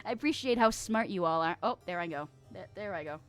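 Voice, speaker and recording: A woman's voice: lowish voice, animated, brisk, faint music behind. A young woman streaming and chatting with her viewers, rambling, laughing often and acting playfully indignant. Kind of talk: casual chat reading stream chat.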